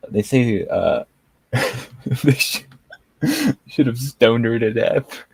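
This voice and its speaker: A man's voice: medium pitch, huge pitch swings, slow pace, vocal fry, pauses often, husky, no room sound. A man hosting a live review show, talking in a rambling, mocking way and leaning on filler words. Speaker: show host reviewing a series.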